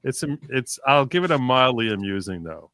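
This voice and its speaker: A man's voice: mid-range voice, sing-song, normal speed, a bit bright, smooth, no room sound. A man hosting a casual live stream, reading viewers' jokes aloud and reacting to them.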